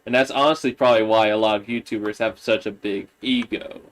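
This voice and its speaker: A man's voice: fairly low pitch, fairly even intonation, fairly quick. A young man, chatting casually during a game and tossing in dry jokes. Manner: dry, joking quips. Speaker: gamer co-host. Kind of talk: casual chat while playing a game.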